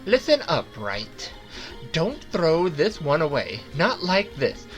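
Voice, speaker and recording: A woman voicing a calm, encouraging woman lawyer mentor in a fan voice-over of a game, with a steady coaching tone. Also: low voice, slow, exaggerated voice. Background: game music.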